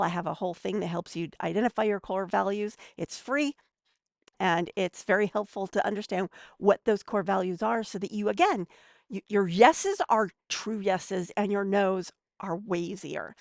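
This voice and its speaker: A woman's voice: medium pitch, normal speed, gravelly, dry recording, clean studio sound. A woman giving casual advice as a podcast guest, chatty and a bit snarky.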